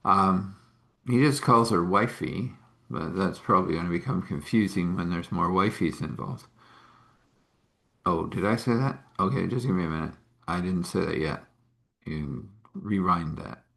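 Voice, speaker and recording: A man's voice: sits low, a little slow, vocal fry, a bit bright. A man hosting a live meditation talk and storytelling session, speaking in a rambling, chatty way. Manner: rambling and chatty, with laughs and apologies for yawning. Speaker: spiritual healer and host.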